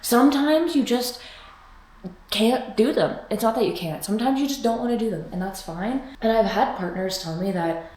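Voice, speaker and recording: A woman's voice: mid-range voice, moderate pace, a little mellow, reverberant, poor audio. A woman vlogger talking casually and candidly, rambling and swearing freely as she shares her days. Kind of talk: casual chatty vlog.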